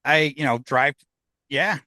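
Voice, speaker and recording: A man's voice: a little high, slow, dry recording. Man telling a story, dry close sound. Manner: animated storyteller acting out quoted voices. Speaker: guest. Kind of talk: casual storytelling.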